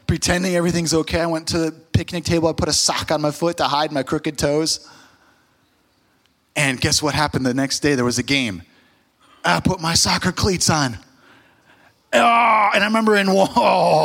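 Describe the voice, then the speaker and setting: A man's voice: fairly high pitch, a bit bright. A male pastor preaching a sermon, telling a story and then rising to emphatic exhortation.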